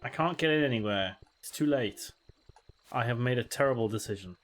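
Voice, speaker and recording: A man's voice: mid-range voice, animated, brisk. A man streaming a video game, making casual, mumbled asides to himself. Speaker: variety streamer.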